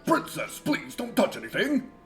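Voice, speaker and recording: A man's voice: sits high, wildly swooping pitch, normal speed, a bit bright, a little hiss or hum, voice pushed up, heavily acted. A man voicing a stiff, pompous knight who speaks formally. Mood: stern.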